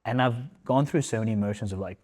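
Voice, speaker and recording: A lowish male voice talking openly as a podcast guest. He is reflective and halting, pausing and filling gaps with casual words as he works through his thoughts in a relaxed back-and-forth. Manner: reflective, halting, heavy use of fillers like "man" and "like". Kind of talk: casual emotional conversation.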